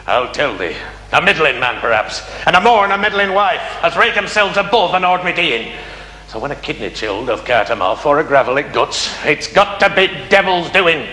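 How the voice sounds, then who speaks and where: In a 1970s television drama, an actor plays a stern county magistrate addressing a jury in a declamatory, questioning manner. His male voice is on the high side with a sharp tone. The old film sound is echoey and reverberant, with slight background noise.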